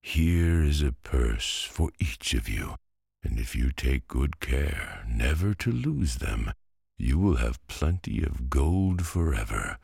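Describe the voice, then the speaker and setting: A man's voice: a bass voice, sing-song, takes it slowly, vocal fry, darkish tone, breathy edge, no echo, clean studio sound, heavily acted. A man voicing a grand, lordly talking pumpkin in a bedtime storybook reading.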